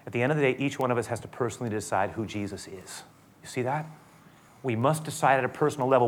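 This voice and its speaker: A man preaching a sermon, retelling a story dramatically and swinging between loud and hushed speech. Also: mid-range voice, quick pace. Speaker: pastor.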